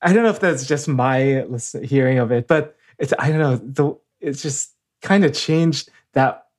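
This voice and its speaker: A man's voice: mid-range voice, moderate pace, darkish tone. A man co-hosting a music podcast, sharing thoughts on a song with hesitant restarts. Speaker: podcast co-host. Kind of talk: casual chat about music.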